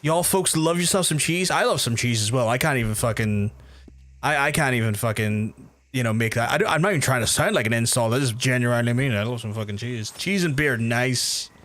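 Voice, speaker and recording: Man, softened Belfast accent, streamer, casual gameplay chat, swears, restarts a lot. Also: medium pitch, a little fast. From Northern Ireland. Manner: chatty, swears freely, many restarts.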